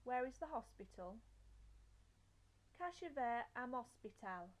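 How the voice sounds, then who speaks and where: Young woman learner, fairly high voice, unhurried careful drilling of phrases. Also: very animated. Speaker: language learner. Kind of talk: reading out phrases and their translations.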